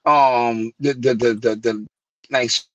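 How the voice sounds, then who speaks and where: A man's voice: slow, no echo. New man telling stories over a call. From New York. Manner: animated, acts out quoted voices with big pitch jumps. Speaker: guest rapper. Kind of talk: casual storytelling interview. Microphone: remote call mic. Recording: dull lo-fi web call audio, dry.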